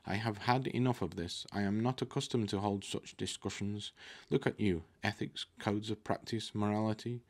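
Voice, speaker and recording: A man reading the lines of an arrogant, quick-tempered nobleman in a storybook, blustering and contemptuous. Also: lowish voice, steady tone. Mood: furious.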